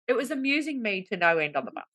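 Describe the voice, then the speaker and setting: A woman's voice: on the high side, fast, no room sound. A woman co-hosting a podcast, telling stories in a casual chat and mimicking people as she goes. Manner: animated storytelling with mimicry. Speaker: podcast co-host.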